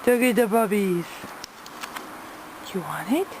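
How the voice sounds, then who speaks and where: A woman's voice: medium pitch, slow pace. A woman vlogger cheering on and cooing at puppies in playful baby talk, filmed on a handheld camera. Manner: excited, cooing and cheering the pups on. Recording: noisy home video.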